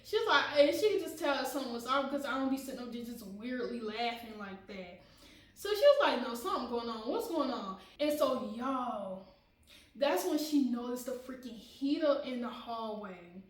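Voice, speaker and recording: High-pitched woman doing a storytime vlog, keeps saying y'all, mic far off and kinda echoey. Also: moderate pace. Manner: animated, dramatic, addresses viewers as y'all, laughs often. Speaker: storytime vlogger. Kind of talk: casual storytelling.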